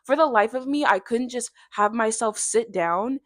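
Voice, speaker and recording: A young woman in her twenties, a vlogger chatting casually and tiredly to camera, rambling quickly through tangents with many fillers. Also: a little high, no room sound, clean studio sound.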